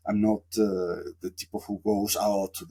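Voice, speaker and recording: A man's voice: on the low side, flat delivery, measured pace, dark tone, husky. A man from Mexico, a podcast guest telling a long, reflective story with lots of fillers. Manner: reflective, rambling with many fillers. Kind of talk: casual storytelling interview.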